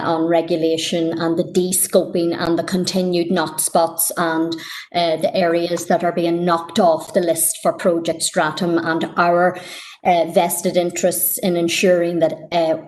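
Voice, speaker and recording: Casual: northern irish lady councillor, fed up and emphatic, lowish voice, lots of uhs. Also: little pitch movement, a little mellow. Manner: frustrated, emphatic, halting with fillers. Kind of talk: council meeting debate.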